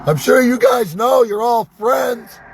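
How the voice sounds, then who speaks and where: A worked-up man ranting sarcastically in a vlog from inside a vehicle, his voice going hoarse. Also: extremely high pitch, measured pace, slight background noise. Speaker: vlogger. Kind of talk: angry ranting monologue.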